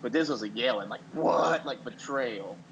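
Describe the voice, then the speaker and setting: A man playing a self-important small-town doctor who talks in a deadpan, halting way and blurts out acted-out quotes. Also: medium pitch, lo-fi sound, slight background noise, close to an everyday voice. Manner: deadpan, halting, acts out quotes with sudden loud "What?". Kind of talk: improvised comedy character.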